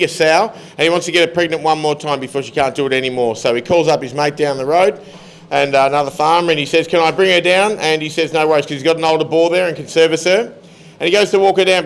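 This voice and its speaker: A man telling jokes casually as a guest, in a plain, easygoing way. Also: a little high. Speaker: guest joke teller.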